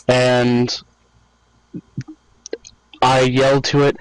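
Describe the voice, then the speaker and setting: A man playing a tabletop game, explaining his moves in a measured way. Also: mid-range voice, no room sound, rough recording. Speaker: player.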